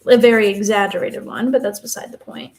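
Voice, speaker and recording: A woman's voice: mid-range voice, fairly quick, darkish tone. Rambling young West Texan woman. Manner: rambling and chatty, many fillers and asides. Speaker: live streamer, university theater student. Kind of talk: casual chat while coloring on a live stream.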